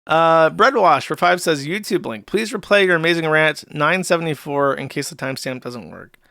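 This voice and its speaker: A man with a slightly high, gravelly voice and sharp tone hosts a casual livestream chat, reading donation messages in an offhand, sardonic manner with quick laughs. The studio-quality recording has no echo.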